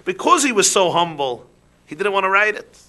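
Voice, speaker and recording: Male rabbi, sermon; high, bright voice, animated questioning delivery. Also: a little fast. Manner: animated, rhetorical questions, drops to soft emphasis.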